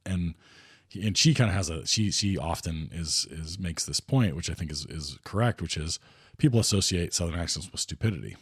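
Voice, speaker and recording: Deep-voiced rambling man. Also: brisk, husky, dry recording, studio quality. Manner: rambling, with many restarts and fillers. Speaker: podcast host. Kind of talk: casual movie podcast chat.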